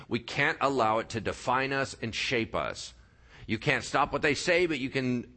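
A man over forty preaching a sermon, swinging from quiet low passages to loud raised ones. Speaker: pastor.

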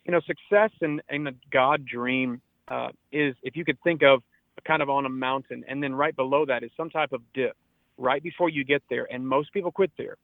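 A pastor in his forties speaks at a moderate pace in a mid-range voice during a radio interview, earnest and exhorting like he's preaching. He repeats words to stress his points, and he's heard over a narrow, tinny phone line with no room sound.

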